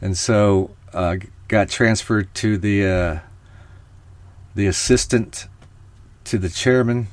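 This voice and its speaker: A man's voice: on the low side, slow, long pauses, no echo. A man hosting a live podcast stream, talking casually and rambling to his viewers. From Oklahoma. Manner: chatty, rambling, talks to viewers. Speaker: podcast host.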